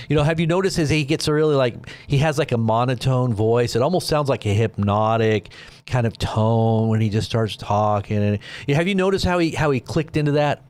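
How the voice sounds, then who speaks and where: A man's voice: mid-range voice, a little fast, darkish tone. A man hosting a live commentary stream, talking in a rambling, preachy way full of warnings. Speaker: commentary host.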